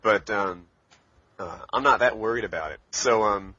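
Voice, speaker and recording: A man's voice: fairly low pitch, normal speed, bright, forceful tone, no echo. A young man, a podcast co-host, telling a rambling story in casual chat and laughing often as he goes. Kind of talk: casual storytelling among friends. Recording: dull lo-fi podcast audio.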